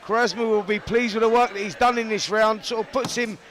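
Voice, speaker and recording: Male Cockney ringside commentator, chatty and repetitive, high pitched. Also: steady tone, brisk, fairly bright tone. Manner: chatty, matey, repeats himself. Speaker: boxing commentator. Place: boxing arena.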